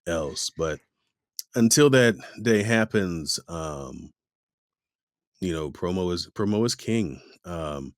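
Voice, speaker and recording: Deep-voiced man, animated talker. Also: slow, long pauses, dry recording, studio quality. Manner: animated, acts out quoted voices. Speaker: voice actor guest. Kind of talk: casual interview chat.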